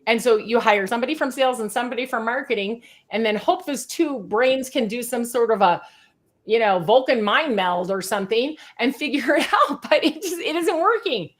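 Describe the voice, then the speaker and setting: A middle-aged woman consultant answering podcast interview questions in an energetic, fast way, often tagging her points with "right?". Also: a little high. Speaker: sales consultant guest.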